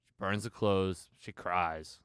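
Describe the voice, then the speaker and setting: A man hosting a podcast, retelling a film in a casual, animated way and acting out the lines. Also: low voice, slow pace, clean tone, dry recording, studio quality. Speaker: podcast host. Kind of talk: casual movie review chat.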